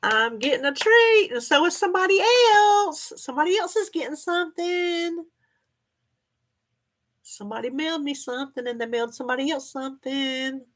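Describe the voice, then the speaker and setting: A woman hosts a casual livestream, reading comments and chatting folksily with viewers while laughing often. Her high-pitched voice is expressive and slightly bright, at a normal speed.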